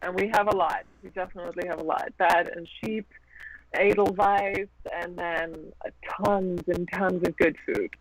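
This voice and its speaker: A woman from Austria, a guest on a podcast, chatting casually over a remote call in a slow, easygoing way with frequent laughs. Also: fairly low pitch, steady tone, low-quality recording.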